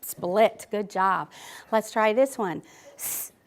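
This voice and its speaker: Woman, first grade teacher, unhurried, sounds out letters with care and coaxes the class. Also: fairly high pitch, animated, very noisy. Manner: sounds out letters slowly and clearly, coaxing. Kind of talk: classroom teaching and interview commentary. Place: elementary classroom.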